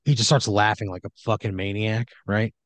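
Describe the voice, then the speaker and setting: A man's voice: fairly low pitch, fairly even intonation, a little fast, no echo. A man improvising a comedic horror story in a loose, rambling way full of fillers.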